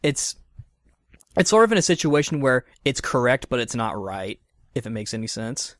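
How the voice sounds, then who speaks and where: A man's voice: mid-range voice, very animated, moderate pace, a bit bright, dry recording, clean studio sound. A man hosting a casual podcast discussion, thoughtful and hedging, with many fillers and restarts. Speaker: podcast host.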